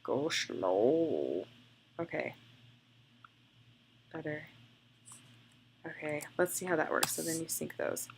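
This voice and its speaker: A young woman with a low voice and a lot of vocal fry talks through a photo edit as she works. She chats and gushes over the shots and thinks aloud between clicks. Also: little pitch movement, a little slow, long pauses, a little hiss or hum. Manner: chatty, gushing, thinks aloud while clicking. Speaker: photographer demonstrating photo editing. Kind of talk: casual screen-recorded tutorial.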